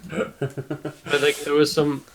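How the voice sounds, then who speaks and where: A man co-hosting a podcast, chatting in an excitable way. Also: on the high side, takes it slowly, vocal fry, crowd noise. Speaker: podcast co-host. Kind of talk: casual chat.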